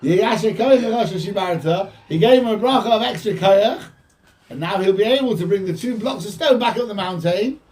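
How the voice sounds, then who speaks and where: Man, rabbi, informal Torah lecture, quotes Hebrew and explains, fairly high voice, distant mic. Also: fairly quick. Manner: animated, quotes Hebrew texts then explains in English. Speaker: rabbi teaching a Torah class.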